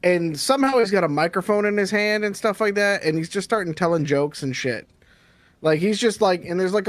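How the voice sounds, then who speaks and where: A man's voice: high-pitched, dry recording. A man playing a tabletop game, rambling loosely with lots of fillers. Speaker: player. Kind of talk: tabletop role-play.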